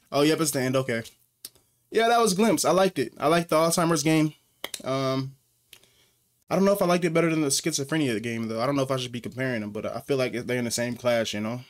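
A man's voice: mid-range voice, quick pace. A man hosting a horror game let's play, talking casually and reacting aloud in a chatty way. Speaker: gaming video host.

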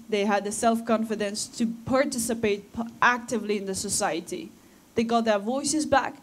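A woman from Afghanistan, a guest speaker at a school talk, addresses a room of students in English in a school assembly room. Her voice sits a little high, and she speaks earnestly and with feeling in this personal talk, often breaking off and restarting her phrases.

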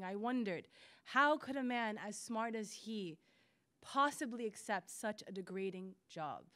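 A woman reading a prison memoir aloud on stage, slow and emphatic. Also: on the high side. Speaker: reader.

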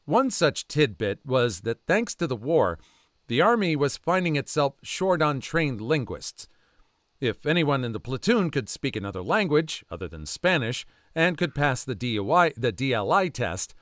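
A man reading online stories aloud as narrator, with quick asides of his own between them. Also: medium pitch, no room sound, studio quality. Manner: animated storytelling with quick asides. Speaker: story narrator.

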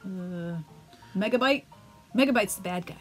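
A woman's voice: mid-range voice, normal speed, soft background music. Giggly woman opening card packs. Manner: giggly, reads card names and flavor text aloud. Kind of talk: casual chat.

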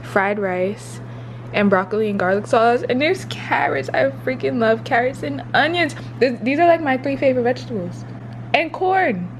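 A woman's voice: high voice, expressive, normal speed, a little hiss or hum. Chatty young woman vlogging on vacation. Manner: chatty, upbeat, laughs often. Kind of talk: casual vlog chat to camera. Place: hotel room on vacation. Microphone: handheld phone or camera.

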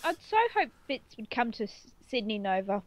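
A woman's voice: fairly high pitch, animated, normal speed. A woman speaking as a panelist in a casual podcast chat, a bit hesitant.

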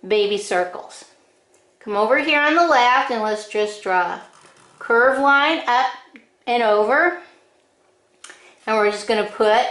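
Slow, patient woman teaching drawing. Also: a little high, a bit bright, reverberant. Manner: slow, patient, gives short drawing directions one step at a time. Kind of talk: step-by-step drawing instruction.

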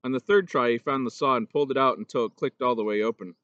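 A man reading a children's novel aloud in steady, measured storybook narration. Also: mid-range voice, no room sound, lo-fi sound. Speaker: audiobook reader.

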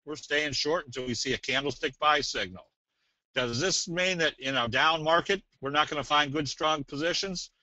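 A man presenting a trading webinar in a casual, folksy way, slipping in jokes and a sales pitch. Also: normal speed, sharp tone, no room sound. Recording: dull, dry webinar audio.

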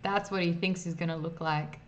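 A woman's voice: lowish voice, steady tone, a little fast, highs cut off, slight background noise. A woman streaming an old computer game in casual, self-mocking commentary, reading game text aloud as she plays.

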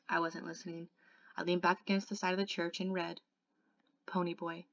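Woman tutor, audiobook narration, low voice, dry dull sound. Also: little pitch movement, moderate pace, pauses often, dry recording. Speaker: tutor reading a novel aloud. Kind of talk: audiobook reading, first-person narration.

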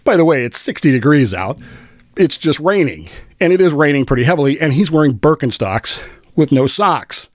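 A man's voice: on the high side, expressive, moderate pace, dry recording. Older guy rambling thru a funny story, laughs a lot, dry close sound. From Washington State, US. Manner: rambling, amused, laughs often. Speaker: podcast host. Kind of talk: storytelling monologue.

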